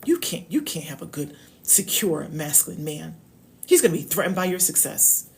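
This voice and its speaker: A woman voicing a male devil who whispers doubts, in a soft and belittling tone. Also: low voice, big pitch swings, normal speed, vocal fry, full character voice. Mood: taunting.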